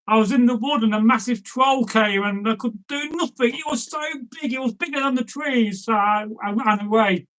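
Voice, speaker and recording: A man's voice: extremely high pitch, normal speed, few pauses, a bit bright, rough recording. A man voicing a timid, eager young Viking son who stammers earnestly.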